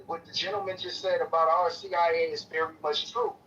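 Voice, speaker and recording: A fired-up man argues politics in a heated debate, cursing and restarting his sentences as he pushes his point. His voice sits a bit high. He sounds far from the mic on a dull, lo-fi feed with a faint hiss. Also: fairly even intonation, brisk. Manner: profane, repetitive, forceful restarts. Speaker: debate participant. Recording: distant lo-fi stream audio with faint noise.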